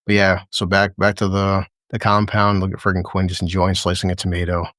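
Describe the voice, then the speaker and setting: A man's voice: low voice, monotone, a little fast, fairly bright tone, dry recording. Guy rambling through an episode recap, swears constantly, laughs a lot, dry close sound. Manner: rambling, profane, laughing often. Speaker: show recap host. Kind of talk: casual livestream episode recap.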